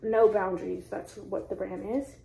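A woman's voice: medium pitch, steady tone, moderate pace, creaky. A young woman vlogging in a casual, chatty way, rambling with lots of "like" and "um", her nose stuffy and congested. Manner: chatty, gushing, rambling with many likes and ums. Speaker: lifestyle vlogger. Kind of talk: casual chat. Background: loud music.

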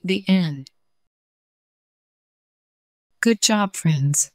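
A woman storyteller reading a children's story aloud in a gentle, clear way. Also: fairly low pitch, expressive, very slow, no room sound, studio quality.

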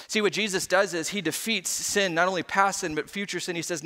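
Animated preaching pastor, high bright voice. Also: male voice, brisk, hardly any pauses. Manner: animated, acts out quoted voices. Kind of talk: sermon. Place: church sanctuary. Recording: long hall reverb.

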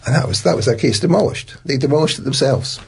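A middle-aged man, a guest in an interview, recounting events in an animated way with many restarts. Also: medium pitch, quick pace, vocal fry, breathy edge. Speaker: guest, academic.

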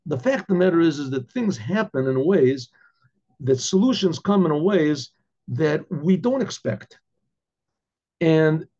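Gravelly, high-pitched rabbi who tells stories haltingly, dull recording. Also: male voice, dark tone. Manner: halting, repeats words, clears throat often. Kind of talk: oral storytelling.

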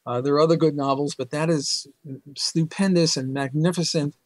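A man's voice: a little high, fairly even intonation, moderate pace, no room sound. An older man, an economics professor, telling stories as an interview guest, rambling with many fillers and laughs. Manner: rambling, self-correcting, frequent "uh" fillers, bursts of laughter. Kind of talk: casual storytelling interview.

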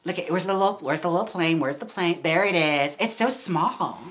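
A woman with a lowish voice speaks briskly while styling a wig on a casual livestream. She's chatty and giggly, saying "like" constantly.

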